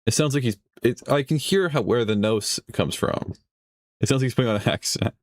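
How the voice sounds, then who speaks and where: A man's voice: medium pitch, brisk, no room sound. A man hosting a stream, reacting in casual commentary, rambling, swearing and laughing as he talks. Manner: rambling, swears often, laughs mid-sentence. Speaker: streamer host reacting to a video.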